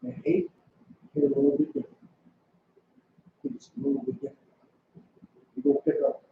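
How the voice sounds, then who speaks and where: A man's voice: a little high, huge pitch swings, moderate pace, creaky, noisy background. A man leading a class, preaching in a commanding way and repeating short demands. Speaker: school leader teaching a class. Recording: echoey room, far from mic, dull lo-fi.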